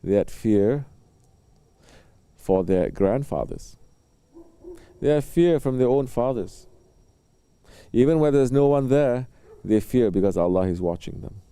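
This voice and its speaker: A male religious teacher delivering a sermon, telling stories and briefly acting out the people in them, with pauses and soft fillers. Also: mid-range voice, expressive, clean tone, no echo. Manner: storytelling, acting out short exchanges between people.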